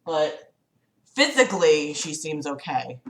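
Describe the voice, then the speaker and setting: A woman's voice: sits low, sing-song, takes it slowly. A young woman with a slight cough hosting a casual livestream, chatting, swearing freely and reading a friend's book aloud. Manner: chatty, profane, fretful and giggly. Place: room at home. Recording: echoey home room.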